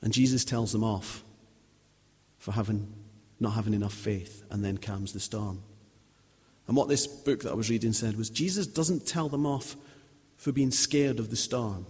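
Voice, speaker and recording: A man's voice: lowish voice, normal speed, a little mellow, breathy edge. Chatty man preaching in a reverberant church. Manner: chatty, anecdotal, many restarts. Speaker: lay preacher. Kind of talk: informal sermon. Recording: long reverb of a church hall.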